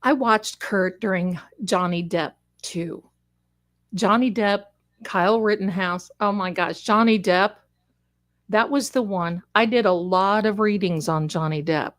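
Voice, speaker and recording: A woman's voice: mid-range voice, a little slow, a bit bright. Chatty woman psychic hosting a livestream. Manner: chatty, rambling, calls viewers "my darlings". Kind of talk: casual live-stream chat.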